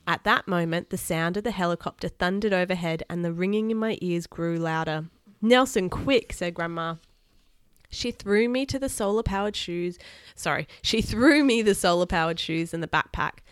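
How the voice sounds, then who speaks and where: A woman reading a children's book aloud to live viewers, expressive and chatty between passages. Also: fairly low pitch, moderate pace, clean tone, dry recording. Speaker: storybook reader.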